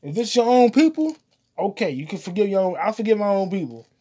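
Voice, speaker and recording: A man hosting his own solo comedy podcast, cursing often and rambling while he eats popcorn, his voice swinging between loud outbursts and mutters. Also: very animated, fairly quick, husky. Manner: profane, loud swings in volume and pitch; eating popcorn while talking. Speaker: podcast host.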